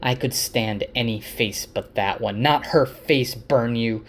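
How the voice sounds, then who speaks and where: A man voicing a wary, half-mad young man who sneers and shouts at the night. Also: mid-range voice, measured pace. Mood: tense menacing.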